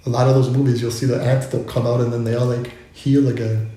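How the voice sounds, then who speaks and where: A man's voice: medium pitch, little pitch movement, fast talker, dark tone. A man vlogging, musing in a loose, rambling way full of asides. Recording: very echoey room.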